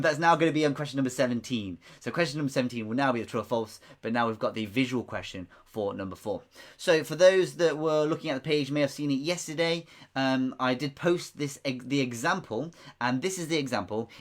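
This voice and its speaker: Chatty man hosting a quiz. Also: medium pitch. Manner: rambling, repeats himself, chuckles often. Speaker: quiz host. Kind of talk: live-streamed pub quiz hosting.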